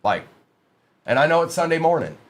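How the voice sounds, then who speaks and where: Lively male card break host. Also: a little high, brisk. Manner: rattles off player names, chats with viewers. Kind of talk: live-stream card break commentary.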